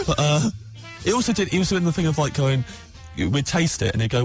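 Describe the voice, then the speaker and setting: A man's voice: a little high, lively intonation, quick pace, soft background music. A man on a radio show, telling a rambling comic story, laughing often and acting out bits of dialogue. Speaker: comedian guest telling anecdotes. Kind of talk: casual radio banter.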